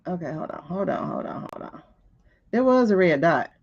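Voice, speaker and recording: A woman's voice: lowish voice, expressive, moderate pace. A woman hosting a live stream, giving casual, exasperated running commentary as she talks back to footage she is watching. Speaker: host of a live tarot stream. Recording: lo-fi stream audio.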